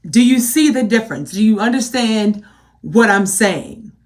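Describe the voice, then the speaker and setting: Woman vlogger, casual home chat, animated, exasperated. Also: a little high, brisk. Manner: animated, exasperated rhetorical questions; addresses viewers as y'all. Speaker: beauty vlogger.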